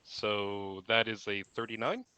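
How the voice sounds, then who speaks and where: Male player, low-ish smooth voice, slow deliberate delivery, bright edge. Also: fairly even intonation, dry recording, lo-fi sound. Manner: deliberate, describing actions and rolls. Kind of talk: tabletop role-play.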